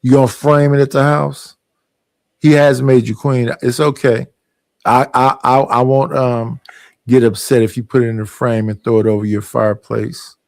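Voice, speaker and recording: A man's voice: mid-range voice, flat delivery, moderate pace, gravelly, a little mellow, no room sound. A man co-hosting a morning talk show, joking and teasing casually. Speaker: co-host. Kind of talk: casual chat.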